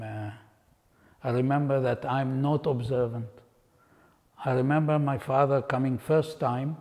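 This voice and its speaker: An older man, an interviewed artist telling anecdotes in an unhurried, reflective way. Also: medium pitch, vocal fry, warm tone, in a large hall. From Israel. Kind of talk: reflective storytelling.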